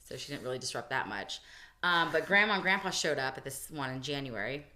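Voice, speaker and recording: A woman co-hosting a podcast, telling a personal story in casual chat and voicing the people she quotes. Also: brisk. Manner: animated storytelling, voices quotes with big pitch jumps. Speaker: podcast co-host. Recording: echoey room, early podcast audio.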